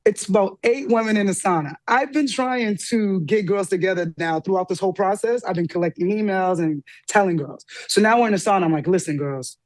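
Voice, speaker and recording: A woman guest telling a personal story with lively energy, acting out the voices of the people in it. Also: fairly quick, hardly any pauses, no echo. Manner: lively, acts out quoted dialogue with big pitch jumps. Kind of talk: animated storytelling in an interview.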